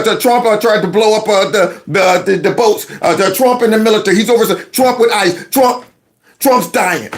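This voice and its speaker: High-voiced man ranting on his show. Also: fairly bright tone. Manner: folksy, emphatic, slangy, acts out quotes. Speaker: commentary show host. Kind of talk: casual political commentary.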